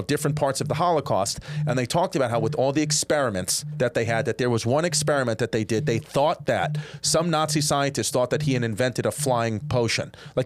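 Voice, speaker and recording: A man hosting a comedy podcast, telling stories in a rambling, animated way with lots of restarts. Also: medium pitch. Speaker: podcast host. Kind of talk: casual comedy podcast chat.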